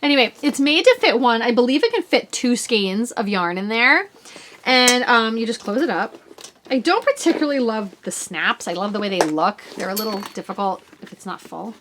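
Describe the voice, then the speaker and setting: Woman, forties, knitting podcast host, casual show-and-tell, rambling and self-mocking, bouncy pitch. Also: lively intonation, normal speed, fairly bright tone, slight background noise.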